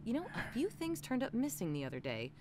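A woman's voice: a little high, wildly swooping pitch, fast talker, darkish tone, slight background noise. A woman voicing a suspicious trader character in a video game, asking dry, needling questions.

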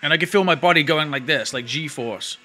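A man with a bright, forceful voice pitched a little high recounts an ordeal in a rambling, emotional vlog. He restarts his sentences often, and faint music plays behind him. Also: normal speed. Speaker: vlogger. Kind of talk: casual storytelling to camera.

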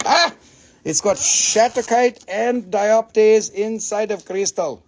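A man hosting a live stream sale, joking, excitable and swearing freely while laughing often. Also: on the high side. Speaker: host selling minerals. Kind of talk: live stream sales chat.

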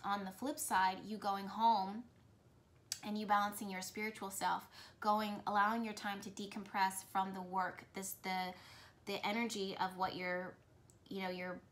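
A woman's voice: medium pitch, little pitch movement, normal speed, a bit bright. A woman speaking directly to her viewers as a spiritual reader, talking in a flowing, repetitive, earnest way. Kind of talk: intuitive message talk to camera.

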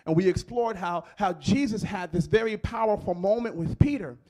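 A man's voice: high-pitched, normal speed. A male pastor preaching a sermon, repeating phrases and building emphasis as he goes. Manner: opens with soft prayer, then preaches with rising emphasis.

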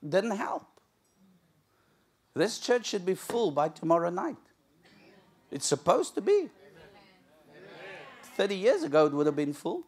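A man's voice: sits high, very animated, a little slow, long pauses, husky. A middle-aged man preaching a sermon in a church, telling the story with animation and acting out the characters' lines. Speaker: pastor. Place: church sanctuary.

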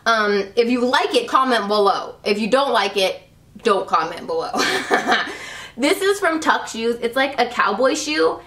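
A woman's voice: a little high, expressive, normal speed, a bit bright, distant mic. A woman in her thirties reviewing her favorite beauty products in a gushing, chatty way. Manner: gushing, chatty, full of "like" and "love". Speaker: beauty vlogger. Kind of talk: casual product review chat. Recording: roomy, a little off-mic.

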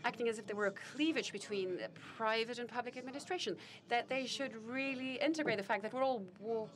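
A woman with a voice on the high side provides live spoken interpretation for a panel talk. She sounds formal and measured but halting, often filling pauses and correcting herself mid-phrase.

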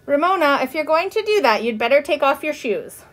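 Tired, calm mother, gently reproving, from a woman reader. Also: high voice, brisk, pitched above the performer's own voice.

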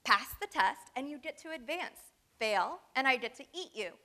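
A woman's voice: high voice, animated, moderate pace, sharp tone, voice pushed up, full character voice. A woman reading aloud and voicing a gleeful female sphinx monster who acts like a cheery test proctor, in a sing-song quizmaster tone.

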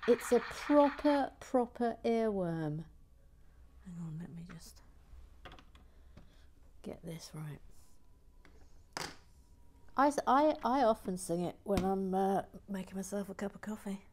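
A woman hosting a casual livestream, reading viewer comments in a playful, chatty way and dropping into quiet muttered asides. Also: medium pitch, a little slow, long pauses, noisy background. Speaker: livestream host building a toy set.

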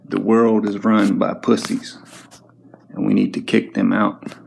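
Guy ranting at the camera, super gravelly creaky voice, slow and cussing, keeps repeating himself. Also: lowish voice, level tone, darkish tone, a little hiss or hum. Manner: profane, confrontational, repetitive. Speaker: vlogger. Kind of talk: angry ranting monologue to camera.

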